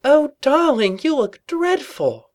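A man goes into a very high, affected falsetto for a glamorous lady pony in a storybook reading. She is posh and fussy, drawing out her words. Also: very animated, slow, exaggerated voice. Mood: fussing.

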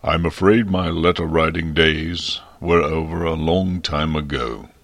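A man voicing a huge, old, frank male dragon in a fiction reading, with a deep, thunderous voice. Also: unhurried, a bit bright, full character voice. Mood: rueful.

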